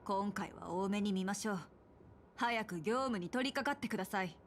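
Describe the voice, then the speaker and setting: A woman's voice: medium pitch, rapid-fire, a loud crowd, natural voice. A female voice actor playing a strict office supervisor who hurries along a new hire, curt and businesslike, in a game. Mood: brisk. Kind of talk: Japanese game voice acting.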